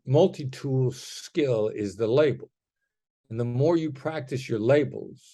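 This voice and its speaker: A man's voice: fairly low pitch, dark tone. A middle-aged man speaking as a guest in a podcast interview, explaining ideas conversationally and acting out tones of voice in his examples. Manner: demonstrative, acts out tone shifts in examples. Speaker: guest, negotiation expert.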